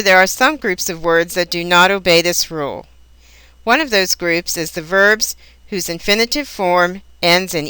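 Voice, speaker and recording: A woman teaching a language lesson in scripted narration, pronouncing each example word slowly and carefully. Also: lowish voice, sharp tone, clear, resonant tone, no echo. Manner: slow, careful, precise enunciation of example words.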